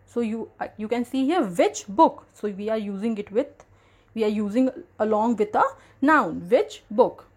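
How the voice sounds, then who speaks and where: A woman's voice: on the high side, lively intonation, normal speed, a little mellow. A woman teaching a grammar lesson, explaining patiently and repeating key terms.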